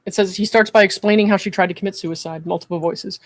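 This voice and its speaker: A psychiatric evaluator hosting a commentary stream, reading a call transcript aloud and then explaining their view in a measured, earnest way. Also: medium pitch, fairly even intonation, no echo. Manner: measured and earnest, often checking in with "right?".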